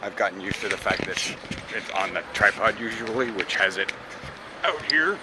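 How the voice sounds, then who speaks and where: A chatty man tells rambling stories into a handheld camera as he walks through city streets and shops. His voice sits a little low. Steady traffic and street noise run loudly behind him. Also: moderate pace. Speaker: vlogger. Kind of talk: casual walking vlog. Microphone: handheld camera, no tripod.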